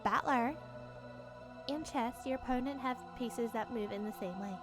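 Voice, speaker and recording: A woman's voice: fairly high pitch, music in the background, close to an everyday voice. Woman voicing an eerie lecturing little girl. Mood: ominous. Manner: slow, ominous, lecturing. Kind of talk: casual visual novel read-along.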